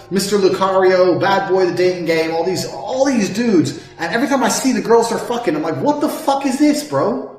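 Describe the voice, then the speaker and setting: A man in his thirties giving a brash, profane monologue, boasting and swinging from loud outbursts down to low mutters. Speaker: self-improvement speaker. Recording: echoey room with faint music.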